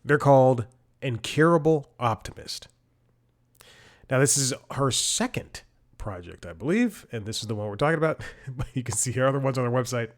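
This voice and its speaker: A man's voice: medium pitch, expressive, moderate pace. A man hosting a podcast, giving a casual, rambling intro with self-corrections and chuckling asides. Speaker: podcast host.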